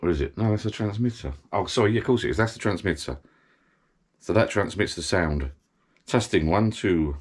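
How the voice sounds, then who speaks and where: A man's voice: low-pitched, animated, brisk. A middle-aged British man chatting casually while he unboxes a gadget, rambling and thinking aloud as he goes. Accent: British English.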